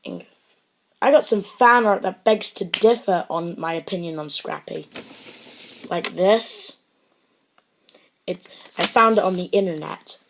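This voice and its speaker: A woman's voice: on the low side, a little slow, long pauses, fairly bright tone, a little hiss or hum. A woman giving a casual online movie review, earnest and impassioned, who rambles and restarts her sentences often.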